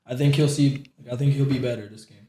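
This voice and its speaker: A basketball player on a casual sports podcast panel, laid-back and full of "like". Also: male voice, mid-range voice, fairly even intonation, quick pace. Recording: echoey room with crowd noise.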